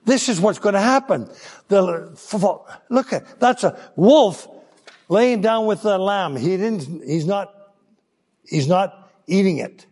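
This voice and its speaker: A man's voice: high-pitched, slow pace, breathy edge, big-room sound. An older man preaching a children's sermon, telling stories and acting out voices. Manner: animated storytelling, acting out voices.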